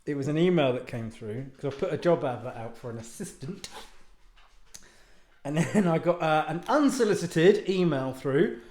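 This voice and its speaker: A man's voice: a little high, animated, moderate pace, a little mellow. A man talking casually to viewers at home, rambling off on tangents, mocking himself and swearing now and then. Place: home lounge. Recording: roomy echo.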